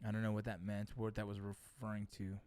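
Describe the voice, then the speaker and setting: A middle-aged man hosts a livestream, reading the chat and telling stories in a casual, profane, animated manner. His voice is lowish, fast, and smooth.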